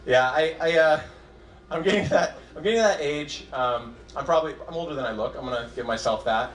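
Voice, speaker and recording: A young man doing a stand-up comedy set on a club stage, self-deprecating and halting, with frequent restarts. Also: on the high side, a little hiss or hum. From Southern California. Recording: echoey club room, faint crowd ambience.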